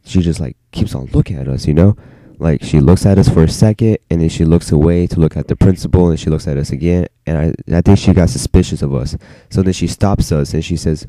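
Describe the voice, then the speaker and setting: A man's voice: rumbling low, warm tone, no echo, poor audio. A teenage boy vlogger telling a story from his own life in a casual, rambling way, full of "like" fillers. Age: teens.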